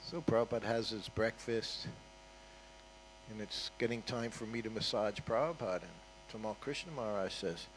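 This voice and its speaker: Speaking at normal speed in a lowish voice, an older guest speaker at a temple shares stories in a relaxed, chatty way. Asides like "you know" and "huh?" come often. The rough recording has some hiss or hum.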